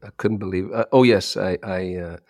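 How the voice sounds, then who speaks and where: A middle-aged man, co-hosting a chat podcast as an animated storyteller who often repeats his opening words. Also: sits low, normal speed, dry recording, studio quality. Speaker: podcast co-host. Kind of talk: casual chat.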